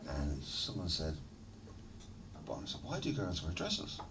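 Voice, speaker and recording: A middle-aged man, a musician guest in an interview, telling stories in a lively, laughing, swearing manner. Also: low voice, measured pace. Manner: animated, swearing, laughing storyteller. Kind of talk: casual storytelling interview. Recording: distant mic with noticeable background noise.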